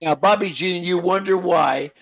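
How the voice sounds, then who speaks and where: A man's voice: sits high, normal speed, dull audio, a crowd in the background. A man hosting a talk radio show, chatting in a folksy way with a guest and giving out the call-in number. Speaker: radio host.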